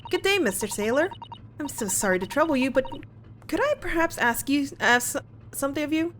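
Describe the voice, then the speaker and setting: Woman doing a polite young lawyer guy, kinda hesitant, asks stuff nicely, lively pitch. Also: a little fast, slight background noise. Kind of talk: reading game dialogue aloud.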